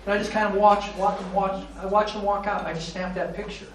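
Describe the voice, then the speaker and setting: A man's voice: sits high, little pitch movement, brisk, slight background noise. A man giving a folksy, earnest presentation about charity work, telling stories to an audience. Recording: echoey room with faint ambience.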